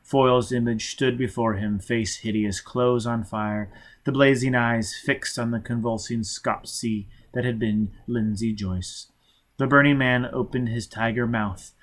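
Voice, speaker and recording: A man narrating a novel in a measured, dramatic reading. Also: mid-range voice, fairly even intonation. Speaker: audiobook narrator. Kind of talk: scripted narration.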